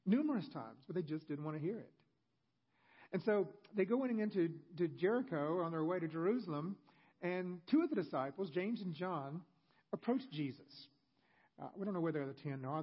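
A man's voice: on the high side, husky, dull audio. A male pastor giving a sermon in a conversational storytelling manner with humorous asides.

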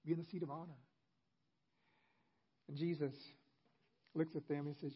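A male pastor preaches with a husky, slightly high voice, telling the story in a relaxed, conversational way with light humorous asides. The recording is dull and lo-fi. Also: moderate pace. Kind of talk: sermon.

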